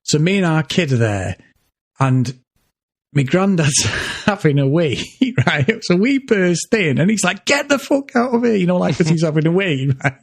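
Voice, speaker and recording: A man's voice: a little high, expressive, a little slow. A man co-hosting a podcast, telling a family story in casual chat, laughing often and swearing freely. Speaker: podcast co-host.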